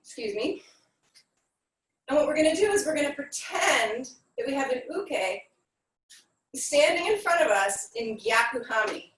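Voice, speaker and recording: A woman's voice: high-pitched, expressive, a little slow, pauses often, a bit bright, echoey room, distant mic, low-quality recording. A woman teaching an online aikido class for kids, counting aloud in Japanese and giving encouraging instructions while out of breath.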